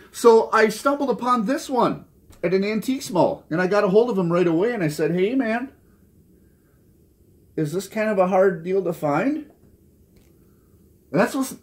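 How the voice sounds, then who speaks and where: A man hosting a vinyl record channel, telling mock news jokes and chatting about his finds, laughing at his own gags. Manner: goofy, laughs at his own jokes, lively pitch swings. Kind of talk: casual joking news segment and haul chat.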